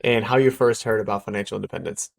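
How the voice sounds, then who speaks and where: Quick joking guy hosting a podcast, teasing the guest. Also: on the low side, vocal fry. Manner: joking, bantering interviewer. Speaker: podcast host. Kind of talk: casual podcast chat.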